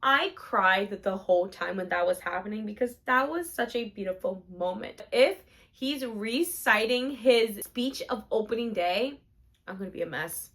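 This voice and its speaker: A woman's voice: fairly high pitch, unhurried, few pauses, fairly bright tone. A young woman vlogging about theme parks, gushing and emotional as she talks. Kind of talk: excited theme park vlog chat.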